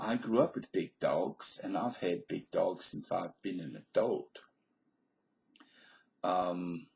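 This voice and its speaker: A man's voice: deep voice, gravelly, rough recording. A man in his fifties from Virginia, rambling casually through a solo vlog and playfully switching between put-on accents. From Virginia, US South. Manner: chatty and meandering, plays with different put-on accents. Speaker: vlogger.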